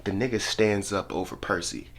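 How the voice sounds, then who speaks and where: A man's voice: on the low side, fairly even intonation, moderate pace, a little hiss or hum. A young man telling a comedic storytime, laughing often and dropping into dramatic narrator asides. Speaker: storytelling vlogger.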